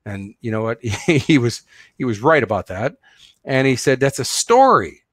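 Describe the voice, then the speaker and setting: A man's voice: medium pitch, normal speed, no room sound, clean studio sound. A middle-aged man giving a casual motivational webinar as a business coach, talking earnestly and telling stories with plenty of fillers. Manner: conversational, earnest, storytelling with fillers.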